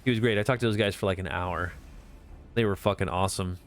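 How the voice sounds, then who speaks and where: A man's voice: low voice, quick pace. A man streaming a game, chatting casually in a rambling, profane way full of fillers. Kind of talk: casual live-stream chat.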